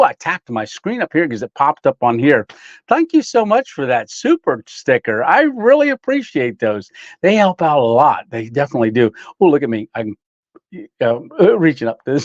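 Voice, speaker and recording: Chatty livestream host man, lively pitch. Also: dry recording, highs cut off. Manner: chatty, laughs often, greets viewers by name. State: slightly out of breath. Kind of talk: casual livestream chat. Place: home studio.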